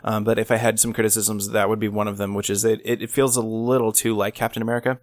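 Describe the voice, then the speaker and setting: A man's voice: fairly low pitch, level tone, fast, no echo. A man in his thirties co-hosting a casual movie review podcast, rambling and correcting himself with frequent ums. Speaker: podcast co-host.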